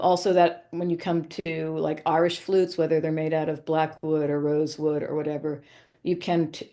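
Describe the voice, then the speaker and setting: Mellow low-voiced woman explaining flutes. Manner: informative, explanatory, frequent ums. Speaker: flutist guest. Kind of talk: conversational podcast interview.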